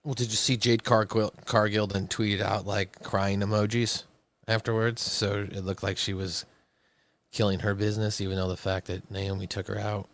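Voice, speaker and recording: A man with a lowish voice chimes in on a casual talk show. He mostly agrees and adds short points. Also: little pitch movement, moderate pace, fairly bright tone. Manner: agreeable, chiming in. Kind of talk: casual chat.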